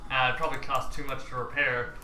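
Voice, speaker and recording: A man's voice: medium pitch, quick pace, distant mic. A man narrating as dungeon master, talking loosely with many fillers. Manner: relaxed narration with many ums and uhs. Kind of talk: narrating a tabletop game. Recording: echoey room, noisy, off-mic.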